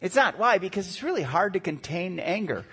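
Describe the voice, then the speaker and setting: A man in his forties, a pastor preaching a sermon, animated and acting out quotes in shifting voices. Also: high-pitched, a little fast, husky. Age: 40s.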